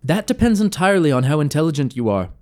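A man's voice: fairly high pitch, sing-song, fast talker, a little mellow, voice pushed up. Man playing a haughty elf captain woman. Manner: imperious and sardonic. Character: haughty, tall female elf owl-rider captain.

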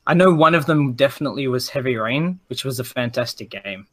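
Bright-voiced man rambling about games. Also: medium pitch, expressive, brisk. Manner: rambling, many restarts and fillers. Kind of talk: casual gaming chat.

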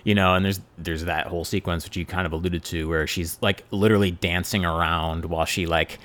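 A man in a casual film review chat, talking haltingly with lots of fillers and restarts. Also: low voice, fairly even intonation, a bit bright. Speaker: podcast co-host.

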